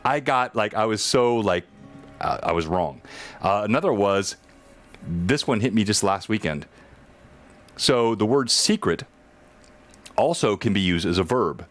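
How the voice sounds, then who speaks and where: Man, game master, low-pitched, chatty, faint music underneath. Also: lively intonation, unhurried, pauses often. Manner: chatty, self-deprecating word talk. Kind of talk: running a tabletop game, casual chat.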